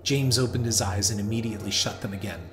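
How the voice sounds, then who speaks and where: A man giving a measured, dramatic scripted narration of a horror story. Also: lowish voice, fairly even intonation, over music. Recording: noisy hiss behind voice.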